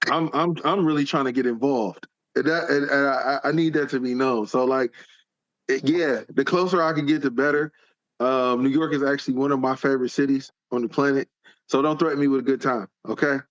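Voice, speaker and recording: An enthusiastic, playful man chats on a casual podcast in a mid-pitched voice. His audio is dull and lo-fi. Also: steady tone, brisk. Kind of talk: casual roundtable chat. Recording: dull lo-fi sound.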